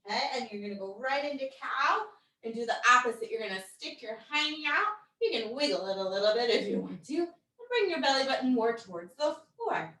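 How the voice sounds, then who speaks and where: In this guided stretching lesson for kids, a children's yoga and storytime instructor leads little ones through animal poses, her fairly high voice bright and forceful with big swings in pitch. She moves a little fast, cheerful and encouraging in a sing-song way. The recording picks her up from slightly far off in an echoey room.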